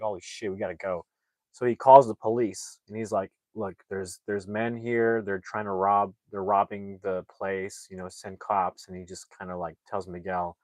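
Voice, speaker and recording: A man's voice: low-pitched, dry recording. A man casually recapping a movie's plot, rambling with lots of fillers and restarts and openly doubting the story. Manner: opinionated, voices doubts about the plot. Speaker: movie reviewer.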